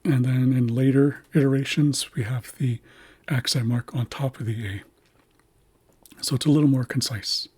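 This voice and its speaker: A man teaching a language's writing system, slowly explaining letters and repeating words to model their pronunciation. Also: medium pitch, husky, dry recording.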